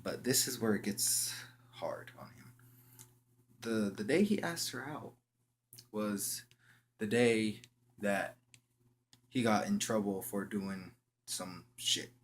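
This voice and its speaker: A young man telling a story in a casual, slangy way, halting often and restarting his sentences. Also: lowish voice, expressive, a little hiss or hum. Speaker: vlogger.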